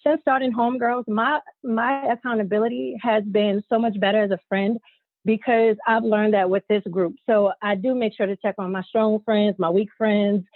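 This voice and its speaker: A woman's voice: mid-range voice, fairly even intonation, normal speed, no room sound. A woman in her thirties talking candidly in a casual chat as co-host, open about her feelings. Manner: candid, emotional, tearful at times. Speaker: podcast co-host. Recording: tinny phone-like sound.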